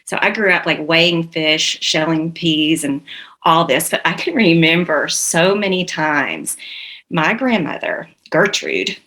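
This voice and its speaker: A woman's voice: low-pitched, animated, measured pace, fairly bright tone. A woman in her forties from Georgia with a Southern accent, chatting casually and telling stories about her grandparents, laughing often. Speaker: host. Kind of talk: casual chat.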